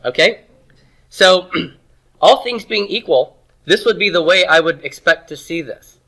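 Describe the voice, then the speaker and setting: Bright-voiced man lecturing a class. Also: high voice, animated. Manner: asks the class questions and answers them himself; sounds out Hebrew syllables slowly. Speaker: Hebrew teacher.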